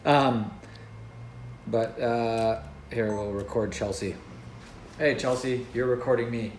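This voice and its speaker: A man's voice: mid-range voice, steady tone, slow pace, a little hiss or hum. A man talking casually to the camera as a vlogger and videographer, easygoing, rambling and joking as he goes. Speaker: vlogger and videographer business owner. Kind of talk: casual vlog talk to camera. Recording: roomy with faint background ambience.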